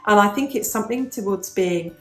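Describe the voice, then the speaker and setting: Brisk and medium-pitched, a former English teacher turned vlogger from the United Kingdom, aged in her fifties, runs a casual question-and-answer chat. Her patient explanations circle back to key points, with reverb and faint music in the background.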